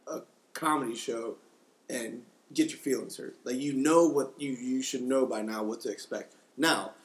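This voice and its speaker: A man's voice: medium pitch, normal speed. Plainspoken man, podcast guest. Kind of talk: casual discussion.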